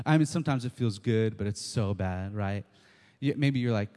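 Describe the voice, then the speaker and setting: A man preaching a sermon, telling stories in an animated way, acting out quotes and repeating key lines. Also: lowish voice, normal speed. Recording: long hall reverb.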